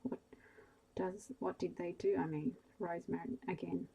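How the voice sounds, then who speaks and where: A woman reading the lines of a hesitant, sympathetic man in her own soft bedtime story voice. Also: on the low side, flat delivery, measured pace, creaky, breathy edge, lo-fi sound, full character voice. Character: polite, awkward man returning to an old farm.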